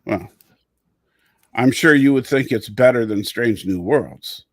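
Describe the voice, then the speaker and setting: A man's voice: mid-range voice, takes it slowly, no echo, clean studio sound. A man hosting a casual livestream chat, rambling, repeating words and reading out viewer comments. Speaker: show host.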